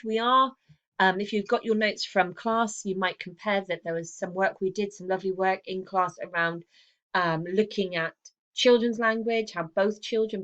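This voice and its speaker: Woman, mid-pitched, English teacher talking students through revision notes, explanatory, lots of "okay". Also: a bit bright, dull audio. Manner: explanatory, checks in with frequent "okay" and "um". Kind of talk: recorded revision lesson.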